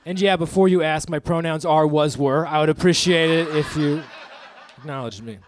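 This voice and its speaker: A man in his thirties doing live stand-up comedy on a club stage, crude and self-mocking, with quick asides to the crowd. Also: on the high side, a little hiss or hum. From American Midwest.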